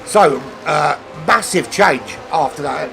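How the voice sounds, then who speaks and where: A man with a cold and a nasal voice, commentating an online sim racing league, rambling into asides and getting excited during close battles. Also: a little high, slow pace, gravelly. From not American. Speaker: race commentator. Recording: game music and engine noise behind. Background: racing game audio and music.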